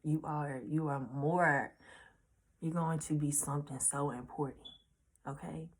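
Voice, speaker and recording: Earnest young woman, low husky voice. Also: steady tone, measured pace. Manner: earnest, repeats reassurances directly to viewers; casual slangy speech. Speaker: vlogger. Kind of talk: heartfelt storytime vlog.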